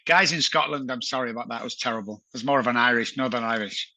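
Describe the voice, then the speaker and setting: A middle-aged man with a Manchester English accent, a guest on a podcast telling his life story in a lively, chatty way. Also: mid-range voice, fast, no room sound. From England. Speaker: guest, addiction recovery expert.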